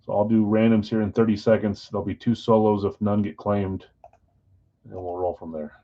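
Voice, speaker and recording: A man with a fairly low voice hosts a live card break. He runs through names and teams in a relaxed, chatty way and talks straight to his viewers. The sound is a little dull and lo-fi, like plain stream audio. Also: moderate pace. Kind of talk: casual live-stream chat, reading out team assignments.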